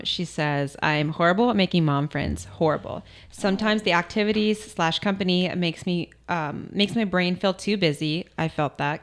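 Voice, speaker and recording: A young woman with a slightly low voice co-hosts a casual podcast. She reads listener comments in a relaxed, measured way and chats easily between them. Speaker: podcast co-host.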